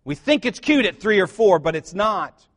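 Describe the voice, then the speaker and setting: A middle-aged man preaching a sermon as pastor, joking and shifting between loud emphasis and quiet asides. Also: high-pitched, sing-song, moderate pace.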